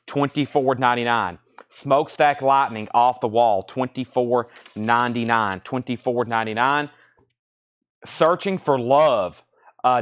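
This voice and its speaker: A man's medium-pitched, slightly bright voice hosts a live online sale of vinyl records from a record shop. He announces each lot and its price in casual auction style, going over the details again.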